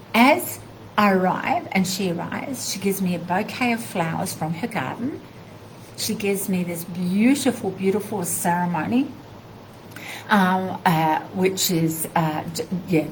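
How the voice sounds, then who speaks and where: A woman, a spiritual teacher, telling a personal story in a live video, animated and heartfelt, acting out bits of dialogue. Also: medium pitch, slight background noise, poor audio.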